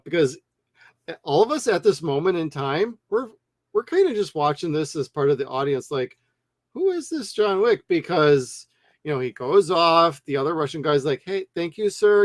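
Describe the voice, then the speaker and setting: A man's voice: a little high, moderate pace, dry recording, studio quality. Blunt, profane man reviewing a movie. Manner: blunt, profane, animated storytelling. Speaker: movie review podcast co-host.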